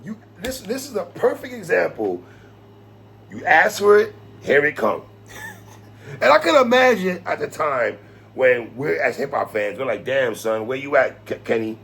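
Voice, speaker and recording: Animated man hosting hip-hop commentary. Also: on the high side, measured pace, vocal fry. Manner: animated, laughs, quotes lyrics, slangy. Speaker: host.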